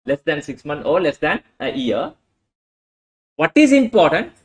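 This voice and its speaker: A man's voice: a little high, big pitch swings, unhurried, rough recording. A male lecturer teaching a class, often asking "what?" and answering himself. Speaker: accounting lecturer.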